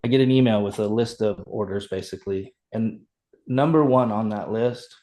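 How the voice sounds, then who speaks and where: A middle-aged man, a fire chief, telling his story in an animated, earnest way as a podcast guest. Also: lowish voice, normal speed. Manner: animated, earnest, reenacts dialogue. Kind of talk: conversational storytelling.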